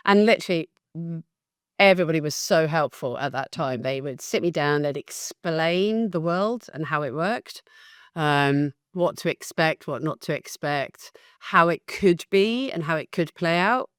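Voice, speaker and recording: On a podcast, a woman in her fifties who founded a facilitation business tells her own story as a guest, candid and animated, stressing key words hard. Her low voice comes at a measured pace and sounds smooth, with a dry, close recording and no echo.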